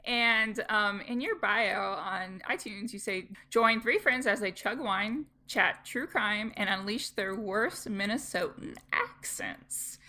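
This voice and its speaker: A woman's voice: medium pitch, slow pace, few pauses, sharp tone. A woman hosting a podcast, asking questions in a chatty, enthusiastic, rambling way. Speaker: podcast host. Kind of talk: casual interview.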